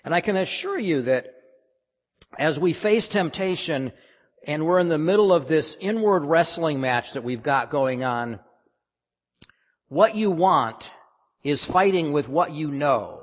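Emphatic pastor in reverberant hall. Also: male voice, a little high, lively intonation, measured pace, long pauses. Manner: emphatic, questioning the congregation. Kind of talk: sermon.

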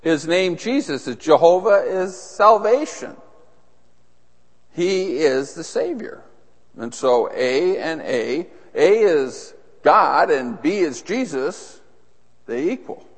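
A man's voice: on the high side, expressive, slow. Man preaching in a reverberant hall. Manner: teaching, asks the audience questions. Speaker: pastor. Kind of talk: sermon. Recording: long reverb of a large hall.

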